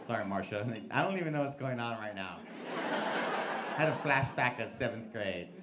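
A man doing a stand-up set in a comedy club, telling stories loudly and profanely with lots of crowd work and put-on voices. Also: medium pitch, normal speed. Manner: loud, profane, animated storytelling with put-on voices. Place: comedy club stage with live audience. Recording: live club recording with crowd noise.

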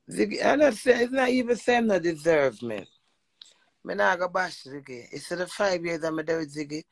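A woman with a Jamaican accent telling a personal story in an animated monologue, emphatic and profane, often slipping into quoted speech. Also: low-pitched, no echo, low-quality recording. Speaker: vlogger.

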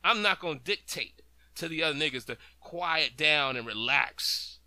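A male host gives an impassioned, emphatic commentary monologue and hammers his points through repetition. His voice is high and very bright. The sound is dry and close, with no room around it. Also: lively intonation, moderate pace, no room sound. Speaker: talk show host.

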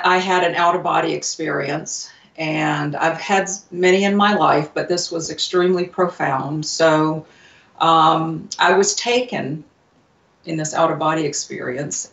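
A woman speaks slowly and earnestly, pausing and restarting often as she tells her story. Her voice has a gravelly, fry-tinged edge. She sounds distant in an echoey room, and the recording is dull and lo-fi. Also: low voice. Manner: earnest, halting, many fillers and restarts. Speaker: radio show guest. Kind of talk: personal storytelling in an interview.

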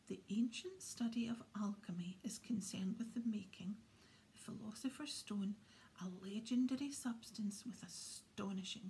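Hushed woman reading a storybook. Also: medium pitch, slight background noise. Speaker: audiobook reader. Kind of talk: whispered role-play.

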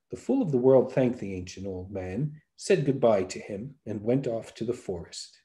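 A man narrating a folktale aloud with a lively, varied storytelling delivery. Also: lowish voice, moderate pace, hardly any pauses. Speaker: podcast storyteller.

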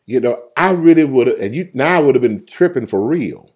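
A man's voice: medium pitch, fairly quick, husky. A man preaching a livestreamed sermon, joking and colloquial, talking straight to his viewers by name. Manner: lively, joking, colloquial storytelling; talks straight to listeners by name.

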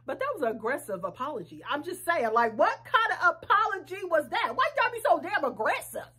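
High-pitched woman vlogger, blunt and sassy, swears freely, quick asides, casual reaction video. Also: very animated, sharp tone. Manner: fast, talkative asides. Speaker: vlogger reacting to a reality show.

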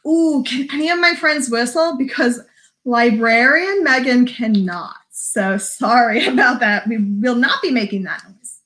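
A woman librarian, her voice a little high and a bit bright, reads a picture book to young children at a measured pace. She keeps an encouraging, sing-song manner, mixes in animal noises, and addresses the little ones watching; the sound comes from a livestream camera mic.

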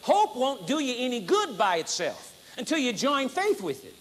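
A man preaching an emphatic, repetitive sermon at a conference, building to high exclamations. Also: huge pitch swings, normal speed. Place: conference hall.

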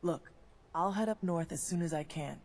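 An actress playing a brisk, direct female underground agent in a video game. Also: on the low side, darkish tone, slight background noise, natural voice. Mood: earnest.

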